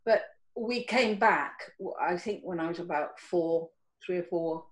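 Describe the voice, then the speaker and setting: An older actress from Cornwall, talking casually on a video call and telling stories with many restarts. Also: female voice, unhurried, poor audio. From Cornwall, England. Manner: warm storytelling with lively pitch, many restarts. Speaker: actress guest.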